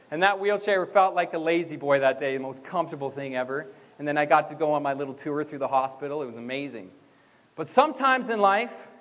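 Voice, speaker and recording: Young male motivational speaker, high voice, school hall with long reverb, energetic and chanting. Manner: energetic, leads chants with the crowd. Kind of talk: graduation speech. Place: school gym or auditorium.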